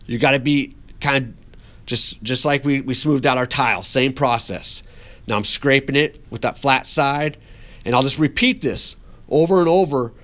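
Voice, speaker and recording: A man's voice: a little high, a bit bright. Upbeat man teaching a pottery class. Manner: upbeat and encouraging, talks while working with hands. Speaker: art teacher. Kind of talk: casual classroom demonstration.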